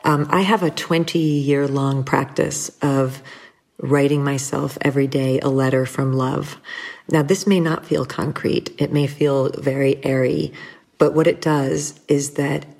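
Middle-aged woman guest with a very low voice; thoughtful, candid, given to soft laughs. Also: steady tone, a little slow, creaky. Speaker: interview guest. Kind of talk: reflective conversational interview.

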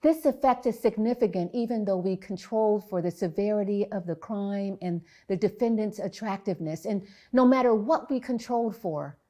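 A woman researcher giving a prepared public talk in a measured, earnest storytelling manner. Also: medium pitch, darkish tone.

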